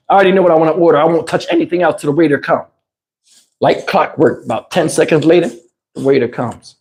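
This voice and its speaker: A man telling a comic story on a livestream in an animated, emphatic, slangy way, with lots of cursing, into a lapel mic. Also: on the high side, quick pace, slight background noise. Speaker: livestream host. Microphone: wireless lapel mic.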